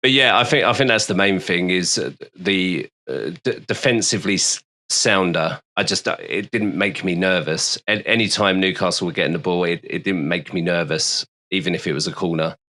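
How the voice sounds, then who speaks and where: A man's voice: low-pitched, normal speed, hardly any pauses, sharp tone. A man, co-hosting a casual football podcast, hesitant with lots of ums and restarts and casual swearing. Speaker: podcast co-host, West Ham fan.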